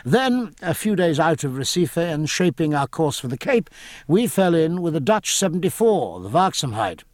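A man's voice: on the high side, big pitch swings, moderate pace, dry recording, clean studio sound, voice pushed up. A man voicing an earnest naval captain giving a formal, respectful report to his superior in an audiobook.

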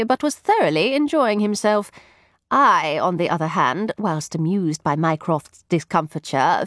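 A woman narrating a first-person audiobook in an expressive, lively storytelling manner. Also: mid-range voice, no room sound, studio quality.

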